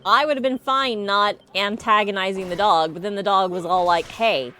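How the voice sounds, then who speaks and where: A woman's voice: medium pitch, fairly even intonation, normal speed, bright, forceful tone, soft background music. A young adult woman streaming a game live, chatting casually, laughing often and telling rambling stories. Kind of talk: casual live gameplay commentary.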